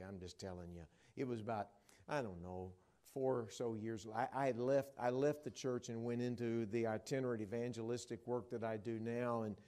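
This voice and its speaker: A middle-aged man preaching a sermon in a church, telling stories and swinging from hushed to loud, excited delivery. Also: mid-range voice. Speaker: traveling evangelist preacher. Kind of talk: sermon with storytelling. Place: church sanctuary at a conference. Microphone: wearing a microphone.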